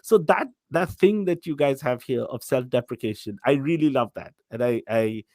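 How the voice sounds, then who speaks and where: A man from India, a comedian guest telling stories in a giggly, animated way over a video call. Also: medium pitch, normal speed, dry recording, clean studio sound. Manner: chatty storyteller, giggling, animated. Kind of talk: casual chat.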